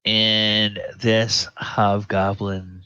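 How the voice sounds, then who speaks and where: A man narrating a tabletop game as dungeon master, unhurried and halting with fillers. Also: on the low side, little pitch movement, bright, forceful tone, smooth, no room sound.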